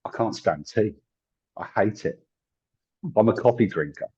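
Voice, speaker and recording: Middle-aged man, low and husky, chatty storyteller, dull lo-fi call audio. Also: measured pace, dark tone. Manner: chatty, laughs often, acts out quoted voices. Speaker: guest, tarot reader and psychic medium. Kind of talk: casual storytelling in an interview. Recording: dull lo-fi sound.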